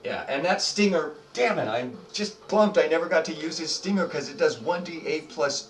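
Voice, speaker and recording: A man's voice: on the high side, animated, moderate pace, hardly any pauses, far from the mic. A man acting as dungeon master for a tabletop game, narrating and joking in a casual way with lots of fillers.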